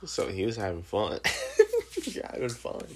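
Gravelly young man telling a rowdy story. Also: low voice, normal speed. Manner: animated, profane, slangy storytelling. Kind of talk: casual storytelling chat.

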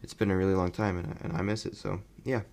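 A young man casually reviewing a movie on his podcast, rambling and animated. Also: low voice, fast, vocal fry. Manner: rambling, animated, mocking voices when quoting. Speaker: podcast host.

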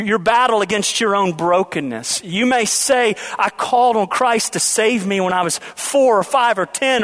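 A man preaching a sermon, asking the congregation rhetorical questions and slowing down to stress key lines. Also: high-pitched, a bit bright. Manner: preaching with rhetorical questions, varying pace for emphasis. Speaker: pastor.

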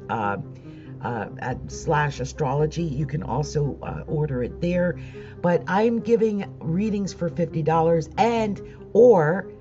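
A woman's voice: low voice, warm tone. A middle-aged woman, an astrologer, telling an upset, rambling story about money troubles and fighting back tears. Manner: upset, rambling, restarts sentences. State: near tears. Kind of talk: personal vlog monologue. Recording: dull lo-fi sound with faint music.

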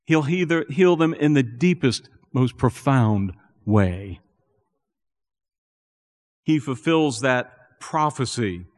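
A man preaching a sermon as a pastor, earnest and building to animated emphasis. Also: mid-range voice, slow pace, pauses often. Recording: long reverb in a church hall.

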